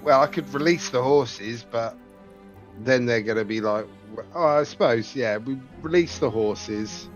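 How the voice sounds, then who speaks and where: Slow, hesitant player. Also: male voice, mid-range voice, highs cut off, faint music behind. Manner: slow, hesitant, thinks aloud. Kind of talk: casual tabletop game talk.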